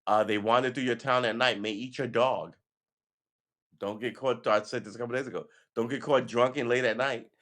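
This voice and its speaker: A man's voice: mid-range voice, steady tone, fairly quick, a bit bright. A man talking casually on a livestream, rambling and profane, with sarcastic asides. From United States. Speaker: livestream host.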